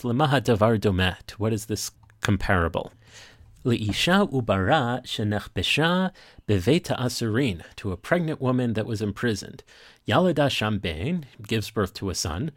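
A man's voice: on the low side, no echo, studio quality. A man hosting a weekly podcast as a rabbi, reading Hebrew passages aloud and translating them line by line. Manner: reads Hebrew text then translates line by line. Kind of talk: podcast text study.

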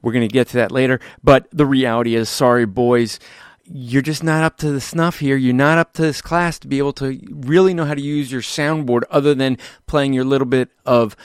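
A man's voice: medium pitch, steady tone, fairly quick, smooth, no room sound, studio quality. A man hosting a podcast, teasing and challenging other hosts in playful banter. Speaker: podcast host. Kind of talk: casual podcast talk.

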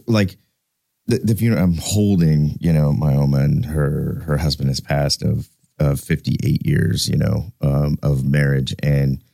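A man's voice: extremely low pitch, creaky, darkish tone, no room sound, studio quality. A man in his thirties co-hosting a podcast, talking candidly in a casual way, swearing freely and often restarting his sentences. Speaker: podcast co-host.

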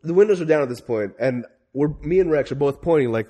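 A man's voice: fairly high pitch, animated, quick pace, mellow. A man co-hosting a casual podcast chat, telling a rambling story with frequent self-corrections. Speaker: podcast co-host.

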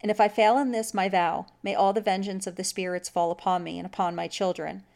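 A woman's voice: medium pitch, steady tone, brisk, vocal fry, darkish tone, lightly acted. A woman reading a story aloud, voicing a stern and secretive middle-aged huntsman who speaks solemnly and commandingly. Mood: solemn oath.

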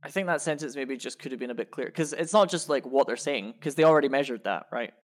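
A woman's voice: very deep voice, animated, fast talker. A woman with a Scottish accent, co-hosting a podcast and chatting casually about a science article, thinking aloud and laughing easily. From Scotland. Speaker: podcast co-host.

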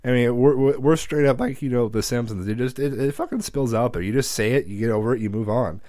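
Profane, animated man telling family stories. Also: medium pitch, fast talker, no echo, clean studio sound. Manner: profane, animated storyteller who acts out quotes. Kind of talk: casual storytelling chat.

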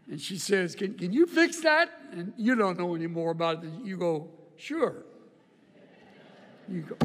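Older male pastor, folksy joking sermon delivery, slow pace, echoing hall. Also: high-pitched, a bit bright. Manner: folksy storytelling with humor, repeats words. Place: church auditorium.

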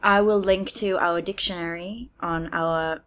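A woman's voice: fairly low pitch, fairly even intonation, unhurried, fairly bright tone. A young woman co-hosting a podcast in casual chat, agreeable, often chiming in and restarting her phrases. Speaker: podcast co-host.

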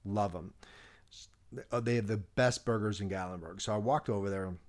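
A man's voice: fairly low pitch, fairly even intonation, normal speed, darkish tone. A man telling a long personal story in a casual chat, rambling with many restarts and fillers, often laughing as he talks.

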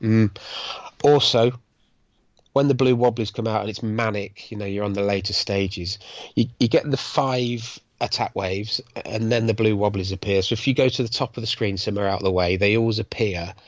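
An English podcast co-host with a lowish voice chats casually about arcade games and reads out tips jokingly. The recording sounds dull, lo-fi, and dry.

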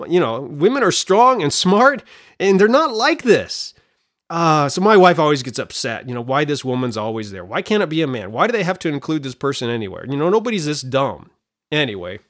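A middle-aged man hosting a Bible study podcast, talking in an animated, chatty way that wanders off on side points. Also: on the high side. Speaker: podcast host and Bible teacher.

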